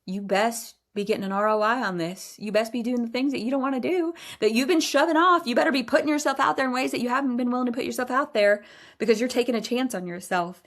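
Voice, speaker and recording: A woman's voice: a little high, fast. A woman in her forties hosting a podcast, telling personal stories in a candid, emphatic way and laughing now and then. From Iowa. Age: 40s. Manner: candid, emphatic, says y'all, laughs often. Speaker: podcast host. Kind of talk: personal storytelling monologue.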